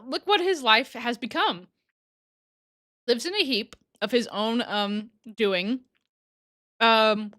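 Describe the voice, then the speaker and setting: Bright, giggly woman streamer. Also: a little high, no room sound, studio quality. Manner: giggly, chatty, often trails off and restarts. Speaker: livestream host. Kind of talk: casual livestream chat reading super chats.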